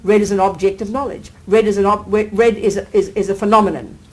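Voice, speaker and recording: A woman Buddhist teacher giving a live talk, animated, often asking her listeners whether they agree and acting out everyday exclamations. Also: mid-range voice, quick pace, rough recording. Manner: acts out everyday exclamations with sudden lifts. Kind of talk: live dharma teaching to an audience.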